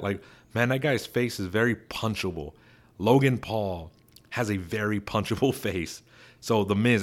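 Stuffy, rambling man in his thirties. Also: on the low side. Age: 30s. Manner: rambling, repeats and restarts, chuckling. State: stuffed up from allergies. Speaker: wrestling vlogger. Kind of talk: casual recap commentary.

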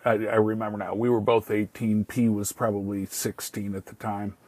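A middle-aged man spins a rambling personal story, peppering it with swearing and repeated "I was like." His voice is mellow and a little husky, with a dry, close sound. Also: on the low side, flat delivery, moderate pace, dry recording.

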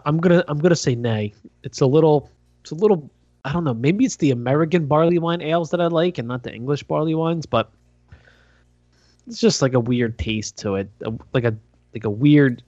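A man's voice: mid-range voice, moderate pace, darkish tone, no room sound, lo-fi sound. A man co-hosting a casual podcast, joking around and a bit tipsy. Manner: jokey, giggly, tipsy. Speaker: podcast co-host. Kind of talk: casual chat among friends.

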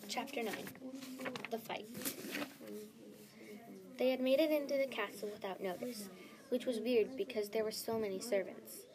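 A woman's voice: a little high, normal speed, pauses often, over a noisy crowd. A woman reading her own fantasy story aloud, dropping to a whisper at tense moments. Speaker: story reader.

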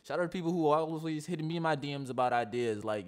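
A man co-hosting a casual podcast, animated, acting out quotes and laughing. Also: a little high, fast talker. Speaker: podcast co-host. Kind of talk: casual chat.

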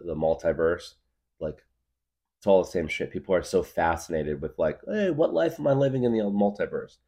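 A man's voice: very deep voice, warm tone. A man in his thirties hosting a podcast, rambling through a comedic monologue with lots of fillers. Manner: rambling, full of fillers, laughs at his own jokes. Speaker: podcast host.

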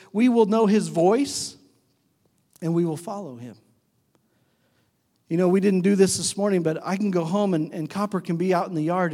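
Male pastor, high voice, conversational sermon, long church reverb. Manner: conversational, animated when imitating talk to his dog.

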